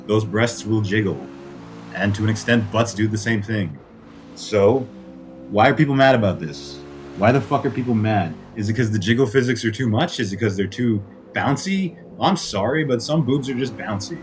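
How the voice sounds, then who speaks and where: A man's voice: medium pitch, slight background noise. A man ranting angrily about video games, swearing often and firing off rhetorical questions. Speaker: gaming commentator. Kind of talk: angry profane rant.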